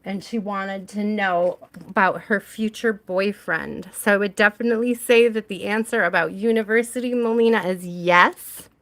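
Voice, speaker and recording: Hosting a tarot livestream, this American woman talks at a moderate pace with a medium-pitched, fairly bright voice and barely pauses. Her casual chat with viewers is full of laughter as she reads out their names.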